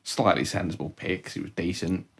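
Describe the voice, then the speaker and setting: A young man co-hosting a casual football podcast, wry and quick to laugh, with mocking asides. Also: sits low, steady tone, creaky, a bit bright, slightly rough. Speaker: podcast co-host, Tottenham fan. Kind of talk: casual chat.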